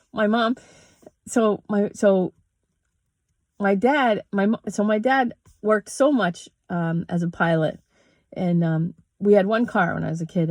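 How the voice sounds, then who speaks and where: A woman's voice: mid-range voice, darkish tone, dry recording, studio quality. A middle-aged woman telling a personal story, candid and emotional, swearing and laughing between lines. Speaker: yoga teacher and vlogger.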